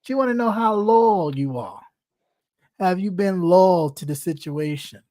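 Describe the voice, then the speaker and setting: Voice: mid-range voice, lively intonation, a little slow, dark tone, no echo. An online commentator giving casual gossip commentary, blunt, profane and teasing, with frequent laughter.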